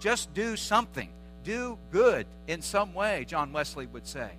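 A man's voice: high voice, very animated, a little slow, fairly bright tone, soft background music, low-quality recording. A man preaching a sermon as a pastor, earnest, driving his points home with repeated short exhortations.

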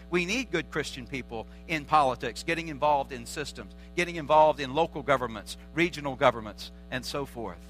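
A man's voice: a little high, a bit bright, low-quality recording. A man preaching a sermon as a pastor, earnest, driving his points home with repeated short exhortations.

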